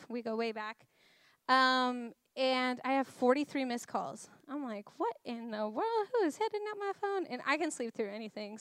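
A woman's voice: on the high side, smooth, no room sound, studio quality. Chatty woman telling a church testimony. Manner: chatty, animated storytelling with laughs. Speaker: speaker at a church. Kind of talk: personal testimony sermon.

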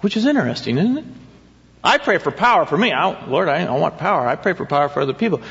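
Gravelly man preaching in an echoing hall. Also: fairly high pitch, sing-song, quick pace, a bit bright. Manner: conversational, asks the congregation questions. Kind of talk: sermon. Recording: dull sound with long hall reverb.

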